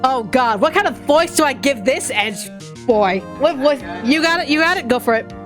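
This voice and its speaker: Giggly, excitable woman streamer. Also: high-pitched, moderate pace, music in the background. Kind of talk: casual game stream chat.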